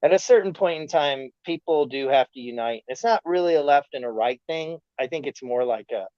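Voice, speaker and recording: A man's voice: a little high, brisk, dry recording. Guy ranting on a podcast, rambly, fired up, kinda muffled lo-fi sound. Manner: rambling, animated rant with mocking put-on quotes. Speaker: podcast guest. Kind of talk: casual chat.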